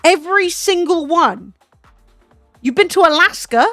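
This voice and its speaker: A British woman with a high voice chats on a stream, teasing and disbelieving, with casual swearing. Her voice sits dry and close to the mic, with faint music playing underneath. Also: expressive, a little slow, a bit bright, no echo. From Britain. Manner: teasing, incredulous, swears freely. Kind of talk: casual chat with a guest.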